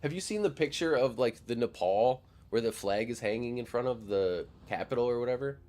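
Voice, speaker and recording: A young man from near Madison, Wisconsin, chats casually with viewers while streaming a game, rambling and swearing with lots of "like" fillers. His mid-range voice is a bit fast and a little mellow, with lively intonation.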